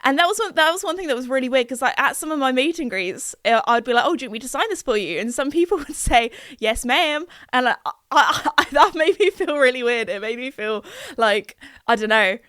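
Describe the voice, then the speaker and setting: A woman's voice: sits high, expressive, fairly quick, fairly bright tone, dry recording, studio quality. A young woman with an English accent, hosting a podcast in casual, giggly chat full of "like". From England. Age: young adult. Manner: chatty and giggly, peppered with "like". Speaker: podcast host.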